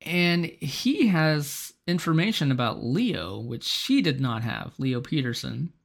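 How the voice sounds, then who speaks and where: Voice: mid-range voice, very animated, slow pace, creaky. A podcast co-host casually recapping a TV episode, laughing often and swearing freely.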